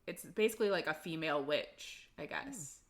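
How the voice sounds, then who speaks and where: A woman talks through a book's chapters for a podcast, casual and blunt, dropping "like" constantly and swearing freely. Her voice sits a touch low. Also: expressive, moderate pace. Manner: chatty recap with lots of "like" and swearing. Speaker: podcast co-host. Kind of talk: casual book-club chat.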